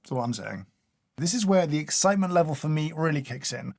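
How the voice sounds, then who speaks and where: A man's voice: a little high, animated, fast, vocal fry, a little mellow, dry recording. A man doing casual taste-test commentary, dry and sarcastic, scolding each product he tries. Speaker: food taste tester.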